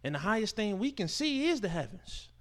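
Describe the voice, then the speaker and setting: Emphatic high-voiced male preacher. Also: big pitch swings, brisk, a bit bright. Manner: informal speech with dropped verb endings and rhetorical questions. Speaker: teacher of a Sabbath scripture class. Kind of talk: sermon, reading and explaining scripture.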